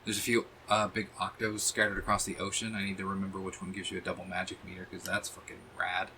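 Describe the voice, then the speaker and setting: A man with a lowish voice and a bright, forceful edge talks his way through a game stream. He rambles, thinks aloud and curses freely. A faint hum of noise sits behind him. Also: monotone, fast. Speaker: streamer playing a video game. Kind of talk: casual gameplay commentary.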